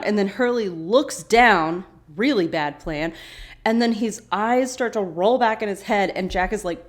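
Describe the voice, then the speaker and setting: A woman hosting a podcast, recapping a TV episode in a casual, chatty way. She talks with animation and acts out the characters' lines. Her voice sits at an ordinary middle pitch. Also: unhurried. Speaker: podcast host.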